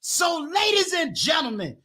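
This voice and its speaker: Shouting high-voiced male show host. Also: very animated, unhurried. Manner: loud, shouting hype announcer style. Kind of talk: hyped show intro then casual interview.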